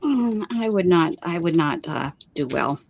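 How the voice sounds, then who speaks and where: Brief: woman host, rambling casual chat, emphatic rants, very lively pitch. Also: unhurried. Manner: rambling, emphatic, ranting about pet peeves. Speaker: craft livestream host.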